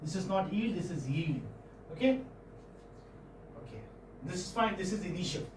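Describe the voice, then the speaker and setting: Man, Indian English accent, classroom phonetics lecture, repeats words and asks "okay?", high-pitched, faint background noise. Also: animated. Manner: pauses often, repeats words, checks understanding with "hmm?" and "okay?". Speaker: English professor. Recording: echoey room from far off, faint noise.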